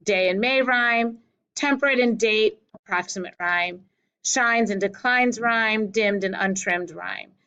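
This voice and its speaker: Lady teacher talking through slides, slow and careful, fixes her own slips. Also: medium pitch, fairly bright tone, clear, resonant tone, poor audio. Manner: slow, deliberate explaining with small self-corrections. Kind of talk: classroom lesson over slides.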